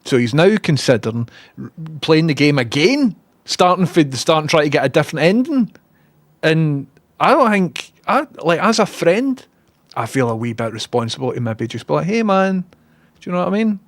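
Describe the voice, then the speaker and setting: A man's voice: on the high side, sing-song, moderate pace, no echo. A man chatting casually on his stream, rambling and sweary. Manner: rambling, sweary, self-mocking. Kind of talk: casual chat.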